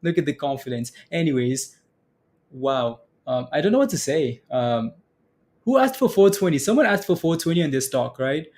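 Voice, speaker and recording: A man's voice: on the high side, lively intonation, moderate pace, darkish tone. A man hosting a stock day-trading livestream, casually commenting on prices and hyping up his viewers.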